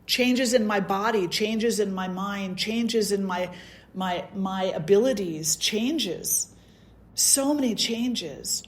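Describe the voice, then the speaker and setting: A woman's voice: medium pitch, slow. A middle-aged woman teaching at a spiritual gathering, telling a personal story and acting out the dialogue. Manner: storytelling, acts out quoted dialogue. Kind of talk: satsang talk, personal story.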